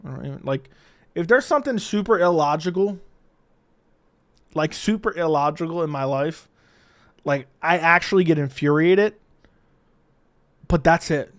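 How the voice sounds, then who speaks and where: Man, livestream host, profane animated storyteller, slightly high voice, studio mic. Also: normal speed, long pauses.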